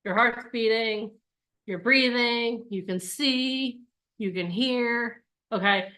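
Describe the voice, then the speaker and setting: Animated bright-voiced woman coach. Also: fairly high pitch, slow. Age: 40s. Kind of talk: live online workshop talk.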